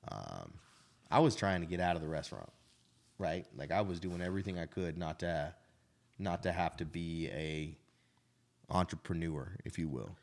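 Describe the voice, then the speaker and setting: A man's voice: low-pitched, animated, normal speed, creaky. A man in his thirties, a restaurant owner, telling his life story in casual, frank conversation and often adding "right?". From Idaho.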